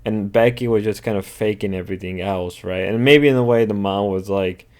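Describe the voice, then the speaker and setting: A man's voice: on the low side, brisk, a little mellow. A man giving casual reaction commentary, rambling with lots of fillers.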